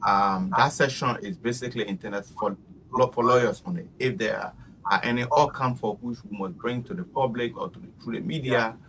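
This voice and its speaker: A man, a bar association guest on a radio show, speaking haltingly with many pauses and fillers. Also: mid-range voice, fairly bright tone, slight background noise. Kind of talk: radio interview. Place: radio studio.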